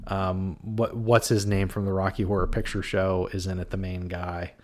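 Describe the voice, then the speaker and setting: Guy with a lowish voice riffing on a podcast, jokey and animated. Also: moderate pace. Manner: animated and joking, with laughs and bits of quoting. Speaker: podcast co-host. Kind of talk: casual chat.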